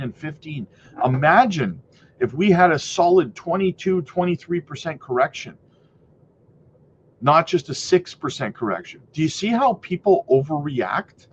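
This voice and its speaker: A man's voice: on the high side, highs cut off, slight background noise. A man hosting a crypto channel, talking casually to viewers in an emphatic, rhetorical way and often tagging on "right?". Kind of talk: casual commentary to camera.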